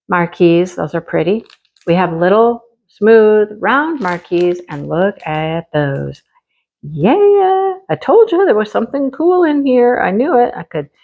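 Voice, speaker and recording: A chatty, middle-aged woman craft vlogger unboxes supplies in a lively, enthusiastic way, laughing quickly and often. Her middle-pitched voice jumps up whenever she is delighted, and she pauses to talk to her pet on a rough recording.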